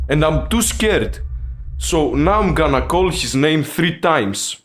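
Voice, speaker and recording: A young man filming a horror challenge vlog, frightened and swearing, breaking into shouts. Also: on the high side, very animated, slow pace. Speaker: vlogger. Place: house at night.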